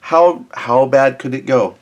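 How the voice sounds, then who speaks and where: A man's voice: medium pitch, a little slow, highs cut off. A man hosting a tabletop game let's-play, chatting casually and thinking aloud, often correcting himself, with wry self-deprecating asides.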